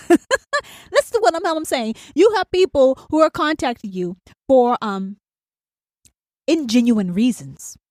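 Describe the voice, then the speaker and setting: A woman with a high voice hosts a solo podcast, recorded cleanly in a studio with no echo. She speaks bluntly and swears freely, driving each point home with "do you understand?", and she acts out an inner angel and demon in quoted voices.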